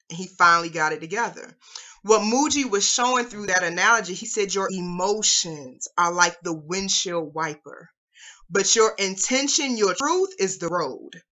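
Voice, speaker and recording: A woman's voice: mid-range voice, brisk. A woman telling an analogy in a spiritual talk as co-host of an online women's circle, over a video call. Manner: warm affirming, storytelling with acted quotes. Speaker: co-host, womb wellness leader.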